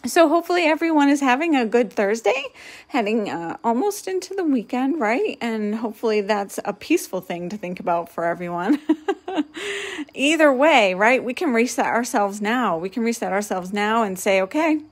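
A woman hosting a casual live-streamed spiritual session, speaking gently and soothingly and laughing often. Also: on the high side, animated, moderate pace. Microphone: webcam or phone for a live stream.

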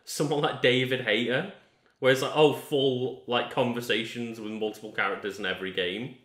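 A man hosting a let's play, chatting in a relaxed, agreeable way and laughing often. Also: medium pitch, moderate pace. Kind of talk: casual gaming chat. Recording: roomy echo.

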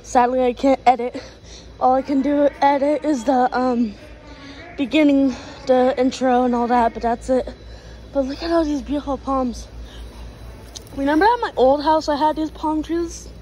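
A woman's voice: high-pitched, steady tone, normal speed, dark tone, poor audio. A woman vlogging a walk through a garden store on a handheld phone, chatty and gushing, with many fillers and restarts. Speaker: plant vlogger. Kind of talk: casual vlog walkthrough. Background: faint store noise.

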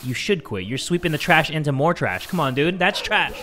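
A young man doing let's-play commentary, excitable and jokey, shouting when scared. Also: high-pitched, fast, hardly any pauses, slight background noise. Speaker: gaming YouTuber. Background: game music.

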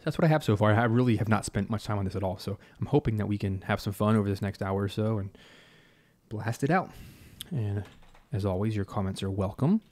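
A man's voice: lowish voice, brisk, a little mellow, soft background music. A man hosting a live stream, casually talking through his composing ideas and humming bits of melody as he goes. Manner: thinks aloud, hums and scats melody ideas.

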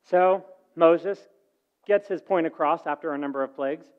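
A man preaching a sermon, telling a story with lively acted-out dialogue and swings in loudness. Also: on the high side, moderate pace, narrow, tinny audio. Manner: animated storytelling, acting out dialogue with shifts in volume. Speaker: pastor.

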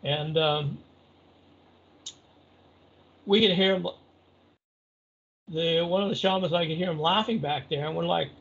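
A middle-aged man recounting a story in a loose, rambling way, with lots of "you know" and "uh". His voice is gravelly and husky, a little higher than most men's. The audio is dull and lo-fi. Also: unhurried, long pauses, fairly bright tone. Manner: rambling, conversational, many fillers. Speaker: interview guest. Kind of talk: casual storytelling.

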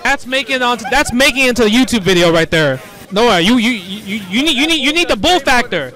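Hyped high-voiced man commentating. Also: expressive, fast talker. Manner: hype reactions, slangy, frequent shouts. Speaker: host commentating pro players. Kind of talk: excited casual commentary.

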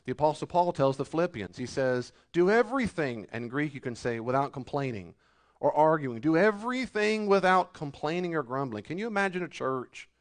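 Preaching with a voice that runs a little high, this pastor alternates loud scolding with quieter asides. He also ridicules complainers by imitating them in a whiny tone.

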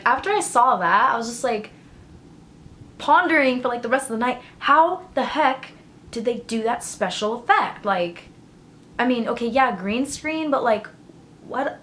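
Chatty, excitable woman vlogger. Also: a little high, normal speed. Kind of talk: casual chat.

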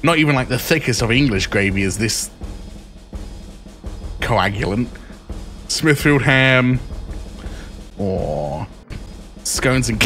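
Young guy streaming, swears a lot, super animated voice, reads stuff out and jokes about it, a bit of music low behind. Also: slow, pauses often. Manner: crude, joking, reacts loudly to each item. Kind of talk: live stream reaction, reading aloud.

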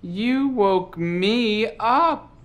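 An actor playing a clueless, self-absorbed young boyfriend in a comedy sketch, talking deadpan and self-pitying. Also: male voice, fairly high pitch, moderate pace. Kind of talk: scripted comedy sketch acting.

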